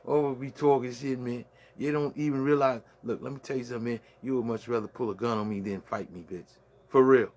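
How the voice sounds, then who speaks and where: Profane trash-talking Brooklyn man, gravelly. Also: mid-range voice, fairly even intonation, brisk, darkish tone. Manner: boastful, profane trash talk. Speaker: host. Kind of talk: late-night solo rant. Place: home man cave.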